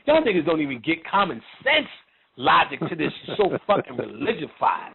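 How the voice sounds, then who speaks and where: A man's voice: a little high, wildly swooping pitch, brisk, gravelly. A man giving a blunt, mocking spiritual lecture full of profanity and street slang. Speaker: lecturer on occult and spiritual topics. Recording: tinny phone-like line with faint noise.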